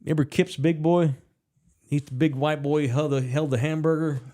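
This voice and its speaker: A man's voice: on the high side, steady tone, moderate pace, warm tone. A man co-hosting a podcast, telling a rambling, profane story in casual chat. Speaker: podcast co-host.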